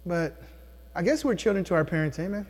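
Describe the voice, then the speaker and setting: High-voiced preacher in an echoing hall. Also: male voice, expressive, a little fast, a little mellow. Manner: emphatic, call-and-response with congregation. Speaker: pastor. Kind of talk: sermon. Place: church sanctuary. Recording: long reverb of a hall.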